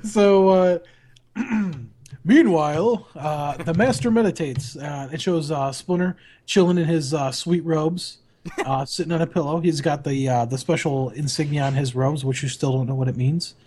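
Dry-witted man, slightly high voice. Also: normal speed, mellow, a little hiss or hum. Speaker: podcast co-host. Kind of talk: casual chat.

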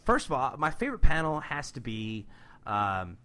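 A man's voice: mid-range voice, wildly swooping pitch, moderate pace, pushed and bright. A man co-hosting a podcast, chatting enthusiastically about a comic book and laughing often. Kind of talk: casual chat about comics.

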